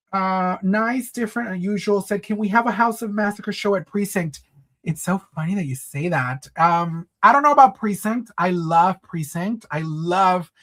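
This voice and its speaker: The man's voice is high-pitched and a bit bright as he hosts a relaxed livestream. In a campy, sassy manner he calls viewers girl and honey and drops in phrases of Spanish.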